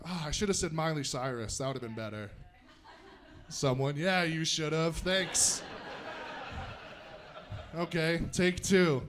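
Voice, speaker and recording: A man from Utah performing a stand-up comedy set on stage, animated and self-deprecating, chatting with the crowd. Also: on the high side, measured pace, pauses often. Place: comedy stage before a live audience.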